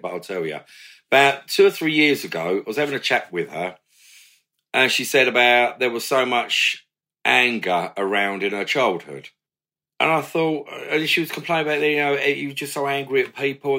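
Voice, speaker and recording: A man, a former career criminal, telling blunt stories with swearing in a candid chat. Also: mid-range voice. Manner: blunt, swearing, animated retelling with laughs.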